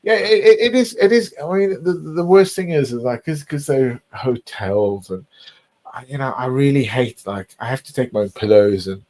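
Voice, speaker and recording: A man's voice: medium pitch, animated, normal speed, a little mellow, low-quality recording. A man chatting casually, rambling and repeating himself, swearing often. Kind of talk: casual chat.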